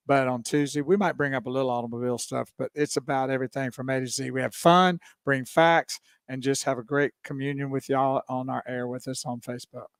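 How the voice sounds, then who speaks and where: A man's voice: medium pitch, steady tone, a little fast, few pauses, clear, resonant tone, dry recording, studio quality. A man co-hosting a car radio show, chatting casually and laughing often at his partner's stories.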